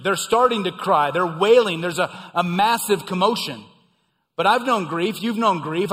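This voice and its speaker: A middle-aged male pastor delivers a sermon in a slightly raised voice. He swells to emphatic peaks and sinks back to hushed, low lines. A long reverb trails his words through the hall. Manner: preaching with swells of emphasis and quiet drops.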